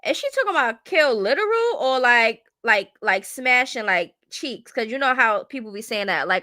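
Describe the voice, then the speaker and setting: A woman's voice: a little high, very animated, moderate pace, few pauses, pushed and bright, dry recording, clean studio sound. A woman giving blunt, chatty reaction commentary on a live stream, often asking whether the listener follows her. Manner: blunt, chatty, keeps asking "you get what I'm saying".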